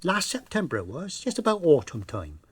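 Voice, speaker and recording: Man, West Country accent, comic storyteller, lively voice, dry close recording. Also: fairly high pitch, fairly quick, slightly rough, no echo. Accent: West Country English. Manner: folksy, yarn-spinning. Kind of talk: comic dialect monologue.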